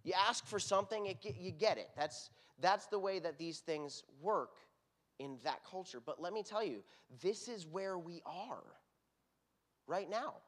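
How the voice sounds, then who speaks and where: A middle-aged worship pastor with a Texan accent preaches to his congregation, his voice sitting a little high for a man. He talks to the room in a loose, conversational way and tells his stories earnestly, with plenty of animation. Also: expressive, a little slow, fairly bright tone. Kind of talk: sermon.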